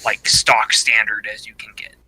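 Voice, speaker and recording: A male podcast co-host in casual conversation. His voice is strikingly bright and sharp, and he picks his words slowly, with frequent pauses and fillers. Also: lowish voice, flat delivery, slightly rough, poor audio. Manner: hesitant, full of fillers. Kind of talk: casual live-stream chat.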